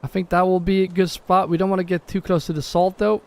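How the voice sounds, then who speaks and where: High-pitched, fast, and level in tone, this Norwegian gaming streamer offers casual commentary on his own play during a live stream. He thinks aloud, corrects himself often, and faint music plays behind him.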